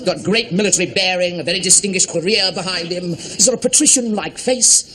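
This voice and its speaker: An actor playing a fussy, theatrical amateur theatre director who stammers often, on an old TV soundtrack. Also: male voice, high voice, brisk, bright, forceful tone. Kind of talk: sitcom acting. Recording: noisy old TV audio.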